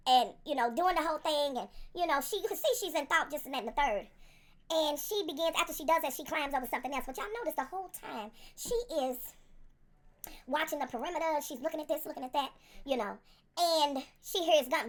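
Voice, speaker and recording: Fast, sassy high-voiced woman reviewer. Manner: profane, sassy, animated storytelling. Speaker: video reviewer. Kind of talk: casual commentary review.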